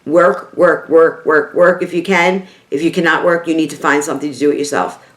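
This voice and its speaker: Middle-aged woman with a New York accent, lowish voice, emotional vlogger who circles back and repeats herself; roomy, echoey sound. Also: fairly even intonation, brisk. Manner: heartfelt, rambling, repeats herself for emphasis. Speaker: beauty vlogger. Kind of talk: emotional casual talk to camera. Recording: echoey room.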